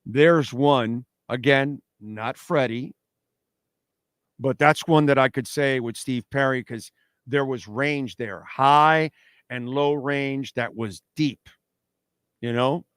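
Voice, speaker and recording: A man's voice: mid-range voice, slow, clear, resonant tone, no echo. Male radio host, casual studio talk, emphatic, repeats himself, dry close sound. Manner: animated, emphatic, repeats words. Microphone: studio microphone.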